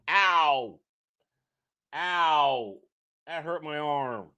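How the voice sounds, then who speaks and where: A man hosting a commentary show, ranting angrily and swearing, sometimes shouting. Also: fairly high pitch, lively intonation, extremely slow, muffled recording. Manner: angry, profane, shouting rants. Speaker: show host.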